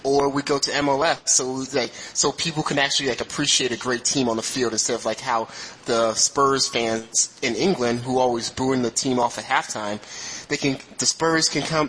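Bright-voiced hesitant man. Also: medium pitch, a little hiss or hum, low-quality recording. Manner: hesitant, many fillers, teasing. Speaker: podcast co-host. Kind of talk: casual podcast chat.

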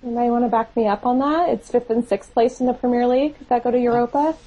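Husky, higher-pitched woman chatting football. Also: fast, dark tone, lo-fi sound. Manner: hesitant, lots of fillers, teasing. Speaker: podcast co-host. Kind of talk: casual football chat.

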